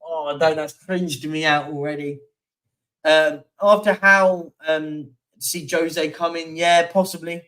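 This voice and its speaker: Chatty man with a fairly high voice. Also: steady tone, takes it slowly, fairly bright tone, far from the mic. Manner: rambling, chatty, reads out stats with many fillers. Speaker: livestream host. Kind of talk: casual live-stream chat reading viewer comments.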